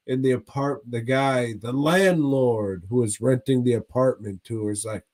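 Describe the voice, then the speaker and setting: A man's voice: mid-range voice, normal speed, few pauses, dark tone. A man co-hosting a casual movie review podcast, retelling plots in a rambling, profane way. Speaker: podcast co-host.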